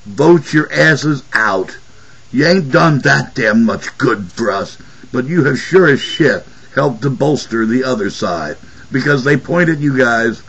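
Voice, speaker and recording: A man's voice: medium pitch, lively intonation, measured pace, creaky, a bit bright, husky, low-quality recording. A man hosting his own political commentary video, ranting angrily with profane sarcasm. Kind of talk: angry political rant.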